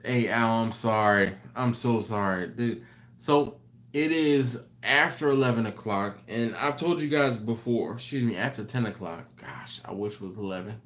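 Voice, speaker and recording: A man's voice: lowish voice, normal speed, fairly bright tone. A man hosting a late-night live stream. He reads out viewer comments in a rambling, tired way, often correcting himself and apologizing. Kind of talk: casual live chat reading viewer comments.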